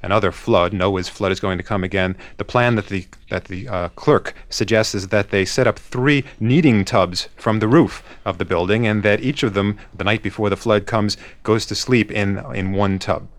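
A man speaking as a guest scholar in a radio discussion, explaining in a measured way. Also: on the low side, dry recording. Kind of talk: academic discussion.

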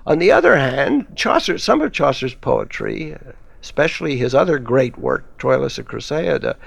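Gravelly man, halting scholarly talk. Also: mid-range voice, huge pitch swings, dry recording. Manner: halting, many fillers and restarts. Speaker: guest scholar. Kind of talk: academic discussion.

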